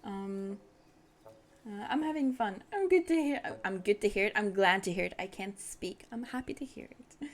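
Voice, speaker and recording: At a moderate pace and in a mid-range voice, a young woman casually chats while streaming a building game with background music. Bubbly and giggly, she narrates what she's doing as she goes.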